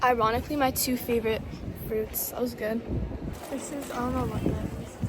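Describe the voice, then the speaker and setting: High-voiced chatty young woman vlogging. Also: fairly even intonation, moderate pace. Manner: chatty, playfully dramatic, lots of "like". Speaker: travel vlogger. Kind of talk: casual vlog chat to camera. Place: outdoors in the countryside. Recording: noisy outdoor ambience.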